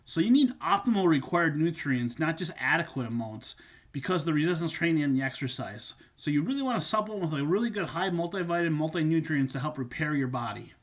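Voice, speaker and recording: Male fitness coach, slightly high voice, casual instructional delivery, loose and filler-heavy. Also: lively intonation, fast. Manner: chatty, repeats points with fillers. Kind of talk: instructional talk on supplements.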